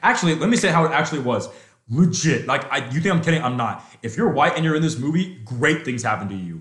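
A man's voice: fairly high pitch, lively intonation, fast talker, a bit bright, echoey room, a little hiss or hum. A man co-hosting a casual movie review chat, talking in a profane, mocking way. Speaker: podcast co-host.

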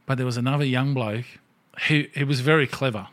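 Swearing, animated storytelling man. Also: medium pitch, a little fast. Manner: animated storyteller who acts out other people's lines, swears freely. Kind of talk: casual chat.

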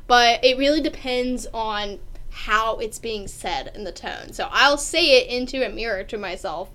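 A woman's voice: a little high, measured pace, a bit bright. A woman, a playwright chatting casually about writing dialogue, talking in a self-deprecating way. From Southern United States.

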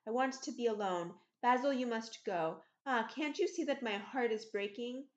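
A woman's voice: a little high, normal speed, roomy sound, voice pushed up, lightly acted. A woman reading aloud, voicing a distraught, petulant young man with raised, emotional delivery. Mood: anguished. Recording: slightly muffled recording.

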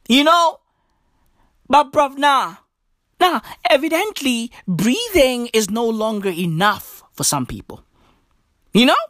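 A woman's voice: high voice, lively intonation, slow pace, a bit bright, no echo, clean studio sound. A woman delivering a profane comic rant, full of slang, swearing and emphatic repeats. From South Africa.

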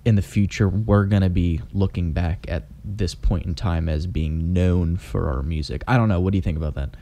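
Man as casual podcast co-host: deep and mellow voice, hesitant, heavy on fillers. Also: creaky. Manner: halting, many fillers like "you know". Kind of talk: casual chat.

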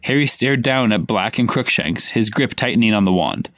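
A man's voice: lowish voice, expressive, normal speed, a bit bright, no room sound. A man co-hosting a podcast, reading a novel aloud in a casual way and giving the characters' lines a little acting. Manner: reads dialogue with light acting, stops to quiz his co-host.

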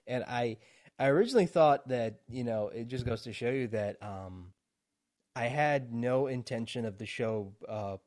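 A man's voice: mid-range voice, moderate pace, a little mellow, no echo, studio quality. A man hosting a podcast in casual chat, rambling with fillers and frequent laughs. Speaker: podcast host.

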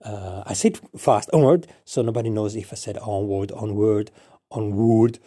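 A man's voice: on the low side, normal speed, warm tone. A man telling a playful, digressive story as a chatty male parrot narrator, rambling with many fillers and restarts.

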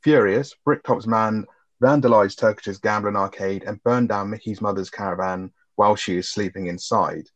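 A man speaks at normal speed in a steady tone, his pitch fairly low. Co-hosting a podcast that reviews films, he recaps the plot in casual, laid-back chat and swears freely. The recording sounds dull and lo-fi.

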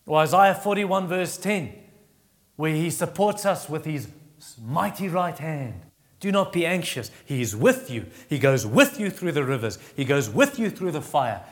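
Preacher, male, fairly high voice, acts out Bible voices, halting restarts. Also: lively intonation, big-room sound. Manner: acts out Bible voices in a raised pitch, quiet and slow on comfort; halting restarts while teaching. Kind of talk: sermon.

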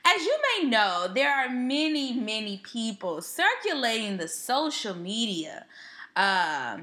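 A woman's voice: on the high side, unhurried. A young woman co-hosting a podcast, telling stories in a casual, slangy, joking way. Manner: animated storytelling, slangy and joking. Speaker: podcast co-host. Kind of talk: casual chat.

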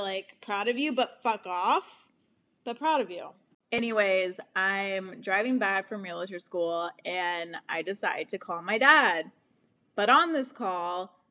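A young woman in her twenties hosts a casual solo podcast, talking candidly about her week. She speaks at an unhurried, drawn-out pace in a mid-range voice, laughing often and swearing without a second thought. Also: medium pitch, fairly bright tone. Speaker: podcast host.

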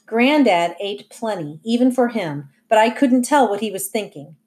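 A woman reading a novel aloud as audiobook narration, telling it in a lively, wry way. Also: on the high side, normal speed. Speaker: audiobook reader.

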